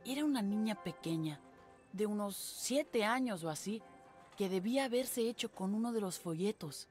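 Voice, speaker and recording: Brief: a woman as a calm first-person game narrator, mid-pitched, steady telling. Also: a little fast, soft background music, natural voice.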